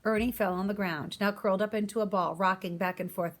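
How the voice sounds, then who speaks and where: Woman reading a kids' novel out loud, plain middle-pitched voice. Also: steady tone, brisk. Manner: reads aloud, voicing each character's lines. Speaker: audiobook reader. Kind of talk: storybook narration.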